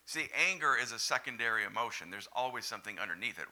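A man preaching a sermon as pastor, stressing words hard and then dropping to hushed, low lines. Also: expressive, quick pace.

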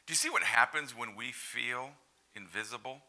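A male pastor delivers an animated, conversational sermon, asking the congregation direct questions. His voice is medium-pitched, at a normal speed.

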